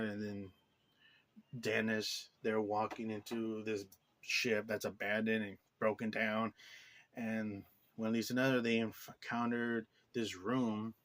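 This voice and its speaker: A man's voice: fairly low pitch, fairly bright tone, no room sound. A man giving a casual, rambling movie review, full of "like" fillers and blunt swearing. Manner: rambling, heavy use of "like" fillers; blunt and profane.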